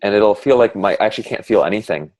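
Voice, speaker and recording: A man in a casual heartfelt conversation, speaking reflectively and haltingly with many fillers. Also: lowish voice, a little mellow. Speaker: conversation partner sharing reflections.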